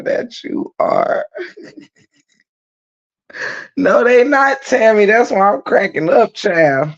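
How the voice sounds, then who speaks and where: A woman hosting a casual livestream, teasing her viewers, breaking into laughter and loud exclamations. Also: low-pitched, muffled recording. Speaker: livestream host.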